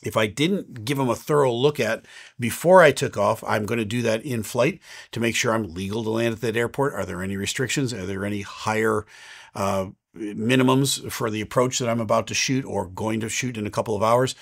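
A man in his fifties, an airline captain, answers viewer questions in a relaxed, explanatory chat with frequent fillers. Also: fairly low pitch, fairly quick, vocal fry.

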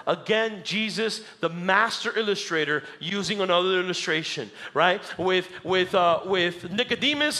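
High, bright animated preacher man. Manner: animated preaching, voices the crowd, drops low and soft for scripture. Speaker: pastor. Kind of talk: sermon. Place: church sanctuary.

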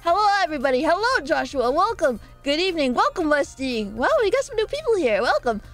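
Young woman streamer, bright high voice, giggly rambling chat, soft music underneath. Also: big pitch swings, brisk. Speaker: live streamer. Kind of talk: casual live-stream chat. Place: her own room.

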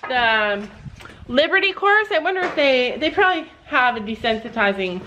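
High-voiced woman coaxing a pony outdoors. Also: expressive, moderate pace, sharp tone, big-room sound, a little hiss or hum. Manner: coaxing, soothing talk to a nervous pony. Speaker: vlogger with horses. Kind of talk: casual vlog narration.

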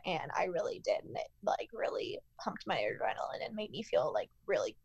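A woman in acting class speaks earnestly on a video call, her voice carrying a gravelly fry. The sound is close and dry, and she fills her sentences with "like" and "um". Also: medium pitch, sing-song, brisk, hardly any pauses, dry recording. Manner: earnest, with frequent "like" and "um". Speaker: acting student. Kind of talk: casual talk on a video call.

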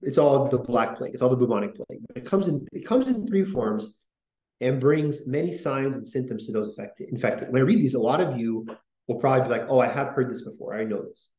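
A man hosts a podcast in loose, rambling talk, full of fillers and restarts. His voice is mellow and dark. The room around him is echoey. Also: medium pitch, fast. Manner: rambling, self-interrupting, many fillers. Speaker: podcast host.

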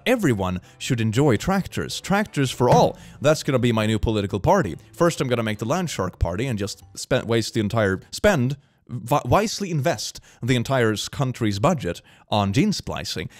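A man's voice: medium pitch, expressive, normal speed, no room sound. A man who is not a native English speaker, giving jokey, giggly commentary on memes as a streamer and often talking to himself. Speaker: meme reaction streamer. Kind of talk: casual reaction commentary.

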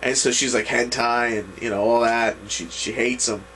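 A man's voice: medium pitch, fairly even intonation, a little fast, fairly bright tone, slight background noise. A man giving a casual, rambling recap of an anime episode, full of restarts and fillers. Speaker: anime reviewer.

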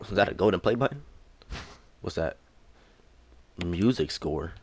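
A man's voice: deep voice, animated, a little slow, darkish tone, a little hiss or hum. A young man playing a horror game, talking to himself and repeating lines as he goes, breaking into panicked yelps when danger hits. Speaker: gaming YouTuber. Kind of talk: let's play commentary.

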